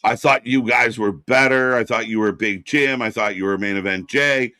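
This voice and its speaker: A man co-hosting a live wrestling watch party, reacting and chatting casually, rambling with fillers and breaking into loud excited bursts. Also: on the low side, moderate pace, no room sound, studio quality.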